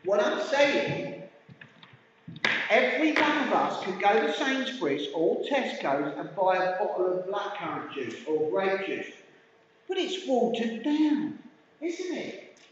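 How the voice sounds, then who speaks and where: A middle-aged man with a Hertfordshire English accent preaches to his congregation, talking with them and asking them questions in a high, lively voice at an unhurried pace. He is recorded from a distance in a community centre hall with a long, booming echo. The sound is dull, with faint room ambience behind him. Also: background noise. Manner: conversational, asks the congregation questions. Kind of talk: sermon.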